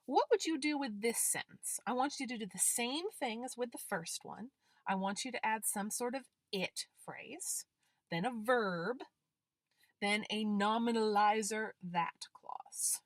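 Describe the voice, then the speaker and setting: A woman's voice: fairly high pitch, no room sound. A woman grammar instructor giving a recorded lecture, working through examples step by step. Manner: deliberate, explaining with worked examples.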